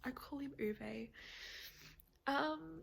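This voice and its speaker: Young woman vlogger, teary, rambling and laughing, slow, gravelly voice. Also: high-pitched. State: teary, on the verge of crying. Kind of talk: casual chatty vlog.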